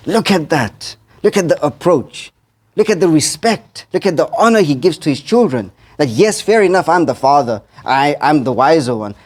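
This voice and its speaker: A man's voice: a little high, a little mellow. Man preaching a storytelling sermon. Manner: earnest storytelling, quotes Arabic verses and translates them. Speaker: imam.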